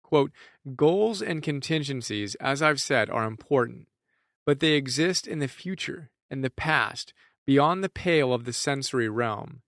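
A man's voice: medium pitch, lively intonation, measured pace, a bit bright, no echo, studio quality. A man in earnest, reflective scripted narration of a lesson, often putting questions to the listener. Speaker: teacher presenting book ideas.

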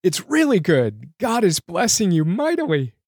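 Brief: man doing an overjoyed pastor, warm, emphatic, excited and pitched up. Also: normal speed, dry recording, studio quality. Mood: jubilant. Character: jubilant male pastor, warm and effusive.

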